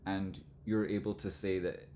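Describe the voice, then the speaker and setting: A man with a Scottish accent hosting a live stream, explaining stock chart analysis in a relaxed, rambling way. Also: low-pitched, measured pace, a little hiss or hum. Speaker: livestream host, trading analyst.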